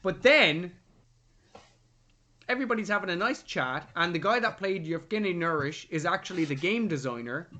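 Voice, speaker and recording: A man's voice: high voice, moderate pace. A man co-hosting a casual film review podcast, chatting animatedly and mimicking characters. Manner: animated, does mocking voices of characters. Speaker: podcast co-host.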